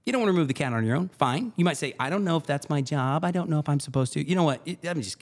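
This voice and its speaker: A male podcast host who talks quickly and tells his story in a relaxed, conversational way. His pitch swings widely as he gets animated, and he repeats key phrases to drive a point home.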